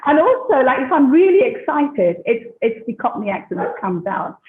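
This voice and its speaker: A woman's voice: high-pitched, big pitch swings, normal speed, a little hiss or hum. A British woman from London in her fifties, chatting as an interview guest and laughing often. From London, England. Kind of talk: casual interview chat. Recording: echoey, tinny phone-like line.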